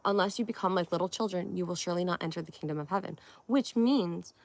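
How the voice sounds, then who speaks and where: A woman's voice: lowish voice, fast, creaky, darkish tone. A young woman from Connecticut hosting a casual livestream, chatting playfully and answering comments one by one. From Connecticut, USA. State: tired. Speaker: livestream host.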